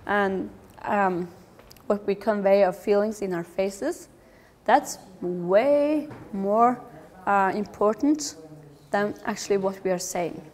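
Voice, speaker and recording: A middle-aged woman giving a lively public talk about children's behaviour, with humorous asides. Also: mid-range voice, slow pace. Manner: lively, acts out quoted voices, humorous asides.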